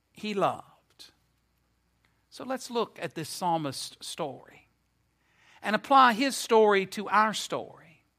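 A male preacher delivers an earnest, emphatic sermon, stretching out the key phrases. His voice sits high and sounds bright and forceful.

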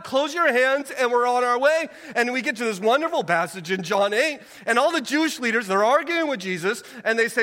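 A man preaching a sermon as pastor, asking the congregation questions and moving between fervent calls and hushed prayer. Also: extremely high pitch, animated, a little fast, hardly any pauses, long reverb tail. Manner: asks the congregation rhetorical questions.

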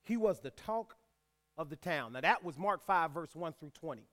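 A man's voice: a little high, lively intonation, moderate pace, fairly bright tone. A man preaching a sermon, reading scripture aloud and repeating key lines for emphasis, with folksy asides to the congregation. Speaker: pastor.

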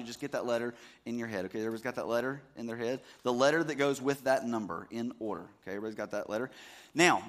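A man's voice: medium pitch, fairly bright tone. A man in his thirties, a pastor giving a sermon, talking casually and checking that the congregation is following along.

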